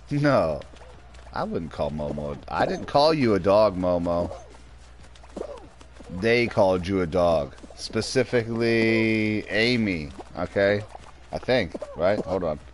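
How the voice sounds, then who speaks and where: A man's voice: on the low side, lively intonation, slow pace, pauses often, a little hiss or hum. A man streaming a game, chatting casually with viewers and his pet. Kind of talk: casual livestream chat.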